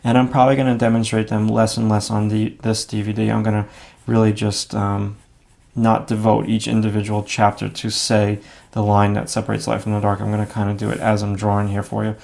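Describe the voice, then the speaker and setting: Guy with a low creaky voice talking you through a pencil drawing, laid back, lots of um and like. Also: a little fast. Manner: relaxed, thinking aloud with fillers, self-critical asides. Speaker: drawing instructor. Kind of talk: casual instructional narration while drawing.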